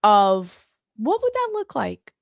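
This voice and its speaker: A woman's voice: mid-range voice, wildly swooping pitch, slow, creaky, no echo, clean studio sound. A woman from the North Carolina foothills, co-hosting a casual podcast chat, laughing often and restarting her sentences.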